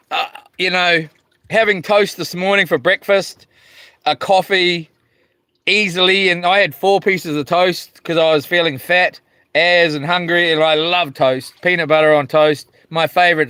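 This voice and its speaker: A man's voice: high voice, sharp tone, smooth, no echo, clean studio sound. A man with a New Zealand accent chatting casually on a live stream from a small boat outdoors, slangy and laid-back as he reads viewer comments aloud. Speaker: livestreaming fisherman.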